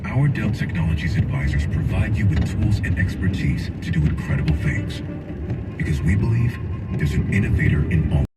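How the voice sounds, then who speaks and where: A man narrating a tech ad in a confident, inspiring tone. His voice is very deep. It plays from across the car on the radio, over loud music. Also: lively intonation, normal speed, far from the mic, low-quality recording. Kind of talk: scripted tech ad.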